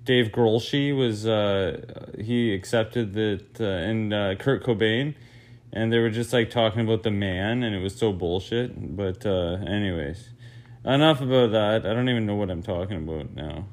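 Rambling lower-voiced male podcaster. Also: moderate pace. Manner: rambling, self-interrupting, casual swearing. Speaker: podcast host. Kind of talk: rambling solo podcast monologue.

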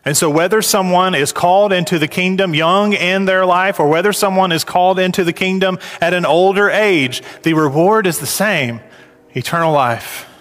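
A man preaching a sermon, his voice climbing high and loud when he acts out complaining workers. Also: normal speed, big-room sound. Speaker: pastor.

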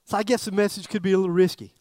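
A middle-aged man preaching a sermon as pastor, in a chatty, joking way with pauses and repeated phrases. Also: high voice, fairly even intonation, darkish tone, no echo.

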